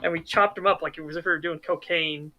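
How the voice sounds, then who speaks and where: Bright-voiced animated podcast co-host. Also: medium pitch, quick pace. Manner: animated storyteller acting out quotes. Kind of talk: casual chat.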